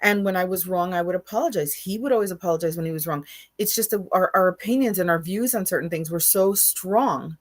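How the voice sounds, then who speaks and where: A woman's voice: fairly low pitch, a little fast. A woman in her forties talking openly and emotionally in a casual podcast chat, often restarting and repeating words. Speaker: co-host.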